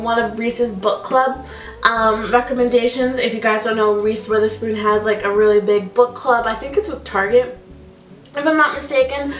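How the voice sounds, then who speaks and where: Chatty woman vlogger in an echoey room. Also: distant mic. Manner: chatty, gushing, repeats "so good" and "highly suggest". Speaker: beauty vlogger. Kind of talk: casual favorites review. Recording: echoey room, voice a bit off-mic, soft music. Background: faint background music.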